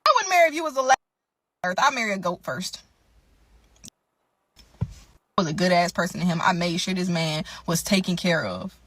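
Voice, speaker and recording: Indignant woman telling her story, bright voice. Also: on the low side, brisk, long pauses. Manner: animated, indignant, addresses listeners as y'all. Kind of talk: emotional storytime monologue.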